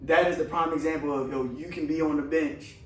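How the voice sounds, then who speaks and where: A man co-hosting a casual talk, telling stories in a lively, slangy way. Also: on the high side, a little fast, a little hiss or hum. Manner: lively storyteller, slangy, laughs often. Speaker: podcast co-host. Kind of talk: casual chat, storytelling. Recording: roomy, distant from mic.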